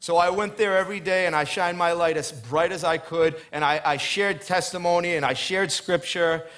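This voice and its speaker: A man's voice: sits high, fairly even intonation, fairly bright tone. A man preaching a sermon in a church, telling his own story in a chatty way and building into emphatic preaching. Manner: storytelling, chatty, quick asides with laughs. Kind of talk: sermon with personal testimony. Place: church stage.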